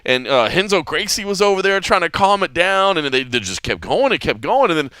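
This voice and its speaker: A man hosting a sports podcast, telling stories in a casual, animated way with frequent restarts. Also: sits high, fairly quick, clear, resonant tone, no echo. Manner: animated storytelling with many restarts. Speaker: podcast host.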